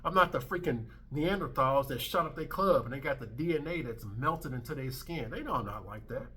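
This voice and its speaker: A man's voice: mid-range voice, expressive, brisk, bright, forceful tone. A man in his thirties hosting a commentary vlog, ranting in a brash, emphatic way and swearing freely. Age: 30s. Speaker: commentary channel host.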